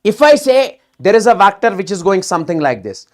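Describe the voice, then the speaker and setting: A man teaching physics in a live online exam-prep class, talking in animated bursts, repeating words and checking in with students often. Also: high voice, fairly quick.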